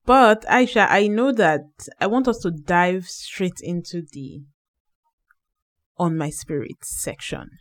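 A young woman co-hosts a casual podcast with a lively, playful delivery. She pushes some phrases out with emphasis. Her voice is a touch low. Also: takes it slowly. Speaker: podcast co-host.

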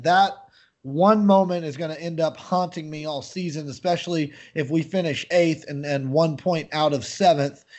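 Guy hosting a sports podcast, bit of a higher voice, teases his cohost, lots of ums. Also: darkish tone. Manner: teasing, joking, hesitant with fillers. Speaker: podcast host. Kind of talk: casual sports podcast chat.

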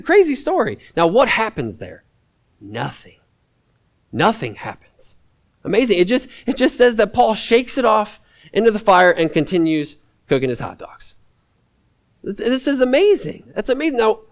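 A man preaching a sermon as a guest preacher, talking in a conversational, animated way and repeating lines for emphasis. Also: high-pitched.

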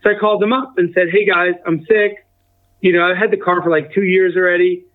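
A man's voice: high-pitched, fairly quick. A man in his forties telling a personal story as a guest, acting out the other people's lines as he goes. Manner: acts out quoted dialogue with a lively shift in tone. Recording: tinny phone-like remote line.

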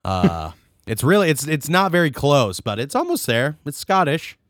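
A man's voice: mid-range voice, sing-song, normal speed, a bit bright, no echo, studio quality. A young man co-hosting a podcast, teasing his friend in a playful, crude way. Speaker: podcast co-host. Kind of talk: casual banter.

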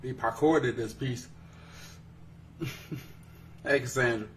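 A man's voice: medium pitch, takes it slowly, far from the mic, slight background noise. A man hosting a podcast in casual chat, joking and laughing often as he teases his co-hosts. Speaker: podcast host.

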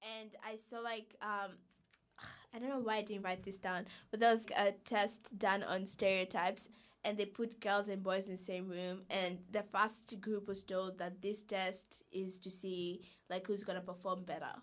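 A woman's voice: mid-range voice, measured pace. A young woman, a university student, chatting casually and acting out what other people say. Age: young adult. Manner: animated storytelling, acts out quoted people. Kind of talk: casual chat.

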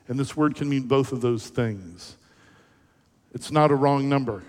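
A man, the pastor, preaching a sermon in an animated, conversational storytelling way, asking the audience questions. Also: mid-range voice. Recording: echoey hall reverb.

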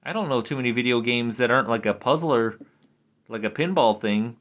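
A man's voice: fairly quick, a bit bright. Chatty mid-range guy, loose and jokey monologue, slightly dull home recording. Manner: chatty, laughs often, jokey pitch swings. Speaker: vlogger. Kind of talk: casual rambling monologue.

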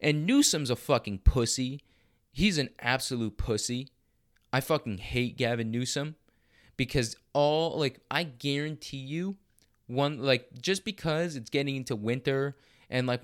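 A man's voice: mid-range voice, clean tone. A man in his twenties hosting a podcast, talking in a blunt, profane, rambling rant. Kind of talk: casual ranting monologue.

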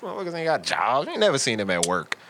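A man's voice: medium pitch, wildly swooping pitch, rapid-fire. A man in casual, profane podcast banter who laughs often, with faint noise behind him.

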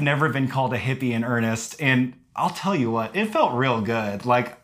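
A man's voice: fairly quick, hardly any pauses. Chatty young man telling a story. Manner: animated, acts out quotes with high-pitched apologies. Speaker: podcast co-host recounting a hike. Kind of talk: casual storytelling chat.

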